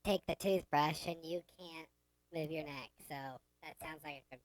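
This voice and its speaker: A woman's voice: sits low, fairly even intonation, moderate pace, dry recording. A woman podcast co-host in casual comedy chat, teasing and laughing often.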